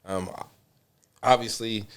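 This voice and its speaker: A man's voice: fairly low pitch, fairly even intonation, slow, clean tone. A man hosting a podcast interview, laid-back and slangy, swearing casually. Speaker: podcast host.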